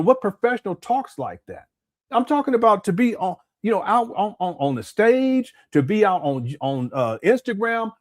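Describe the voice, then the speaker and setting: A Southern California man hosts a live-stream commentary in a casual way, often repeating words and responding to chat comments. His voice is high with a darkish tone.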